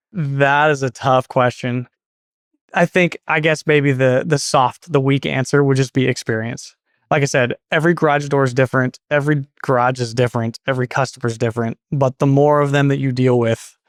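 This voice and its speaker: A man's voice: medium pitch, no room sound, clean studio sound. A man in his thirties from Portland, Oregon, a guest on an interview show, telling stories casually, rambling and correcting himself as he goes. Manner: rambling, self-correcting, acts out quoted dialogue. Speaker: guest, garage door business owner.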